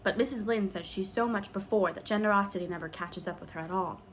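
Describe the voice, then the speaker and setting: A woman's voice: mid-range voice, fast talker, a little hiss or hum, close to an everyday voice, low-quality recording. A woman reading an audiobook, voicing a teenage girl who gossips dryly. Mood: wry.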